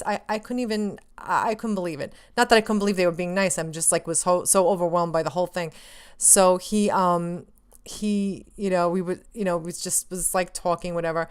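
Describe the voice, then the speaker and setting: A woman vlogger with a smooth, clear voice that sits a little low. She tells a story in a rambling, excitable way, full of "like" and "you know", and acts out her own remarks. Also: fairly quick. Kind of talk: casual vlog storytelling.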